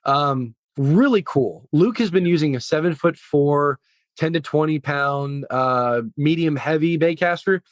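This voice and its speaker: A man's voice: on the high side, measured pace, no echo. A man co-hosting a casual fishing podcast, explaining gear with enthusiasm and some rambling. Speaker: podcast co-host. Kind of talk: casual chat.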